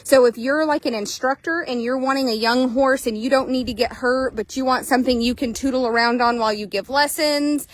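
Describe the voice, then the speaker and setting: A woman's voice: sits high, steady tone, a little fast, few pauses, poor audio. Chatty upbeat woman selling a horse outdoors. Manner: chatty and upbeat, full of "like" and "um", talks to viewers. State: hot and a bit out of breath. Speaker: horse seller and trainer. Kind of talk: casual sales walkthrough to viewers. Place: outdoors at a horse trail course.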